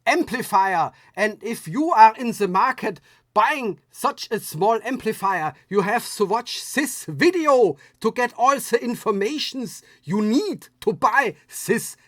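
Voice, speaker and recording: A man's voice: sits high, animated, a little slow, a bit bright, dry recording, studio quality, voice pushed up, heavily acted. A man putting on a heavy German accent to play a pompous, overly formal male gear reviewer. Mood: mock-formal. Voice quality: stiff, exaggerated formal delivery.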